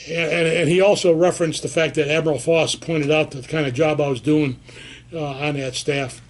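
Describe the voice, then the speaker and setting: An older man being interviewed about his time in the service, spinning a lively story. He acts out what everyone said, his voice sitting fairly high for a man. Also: moderate pace. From United States. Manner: animated storyteller acting out quoted voices. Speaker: veteran interviewee. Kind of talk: telling a war-era anecdote.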